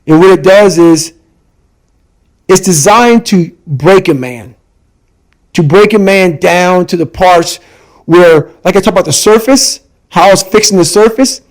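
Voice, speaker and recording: A man's voice: sits high, measured pace, low-quality recording. A man guest in a conversation, telling a personal story with intense emphasis and repeating his points to hammer them home. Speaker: podcast guest.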